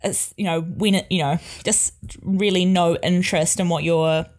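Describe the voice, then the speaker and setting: Young woman, chatty photographer, lowish voice, loose fillers. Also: steady tone, moderate pace, darkish tone. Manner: chatty, many fillers and laughs. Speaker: wedding photographer. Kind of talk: casual podcast chat.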